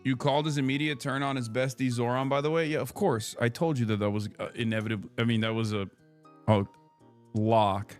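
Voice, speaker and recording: A man's voice: medium pitch, level tone, a little fast, soft background music. A young man hosting a live political stream, casual and sarcastic, swearing often.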